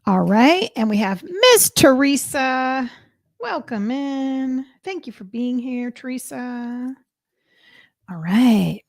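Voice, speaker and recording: A woman hosting a live stream as a psychic reader, chatting casually and excitedly with her viewers. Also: a little high, slow pace, no room sound, clean studio sound.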